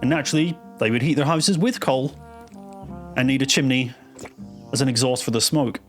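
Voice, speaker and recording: A man's voice: mid-range voice, normal speed. A man from East London giving joking gameplay commentary as a streamer, wry and mock-teaching. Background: game music.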